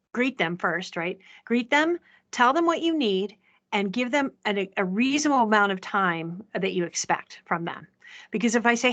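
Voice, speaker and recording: A woman presenting a software demo in a chatty way, often checking in with the audience. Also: mid-range voice, highs cut off. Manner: chatty, asks "right?" often. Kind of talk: live software demo talk.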